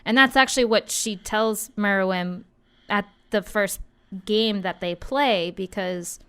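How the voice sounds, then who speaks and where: Female podcast co-host, clean smooth voice, mid pitch, chatty and informal. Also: slow, a bit bright. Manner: chatty, lots of "like" fillers. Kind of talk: casual chat.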